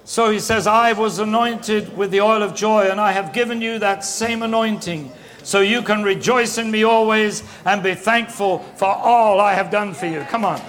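A man's voice: sits high, moderate pace, a bit bright. A man preaching a sermon, urging the congregation to speak out, his voice strained.

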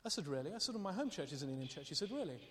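A man preaching a sermon, telling stories in an animated way and laughing often as he speaks. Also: on the high side, racing, a little hiss or hum. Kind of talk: sermon with storytelling. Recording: long reverb of a hall.

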